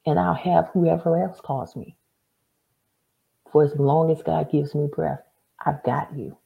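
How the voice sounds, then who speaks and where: A woman's voice: deep voice, fairly even intonation, unhurried, creaky, phone-quality sound. A woman guest telling her story earnestly and with faith, often acting out what others said. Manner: earnest, faith-filled, acts out quoted dialogue. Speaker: guest, author. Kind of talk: storytelling interview answer.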